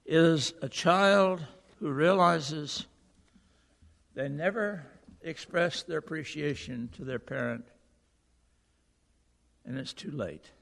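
A male pastor giving a sermon, moving from a lively recited poem into earnest preaching in a church auditorium. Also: fairly high pitch, slow pace, vocal fry, long pauses. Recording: long reverb of a large hall.

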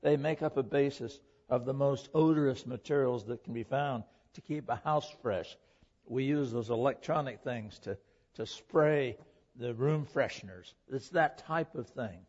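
A man's voice: mid-range voice, unhurried, a little mellow. Preaching man, lo-fi church recording. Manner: earnest, rhetorical questions, varied emphasis. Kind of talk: sermon. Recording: lo-fi dull sound.

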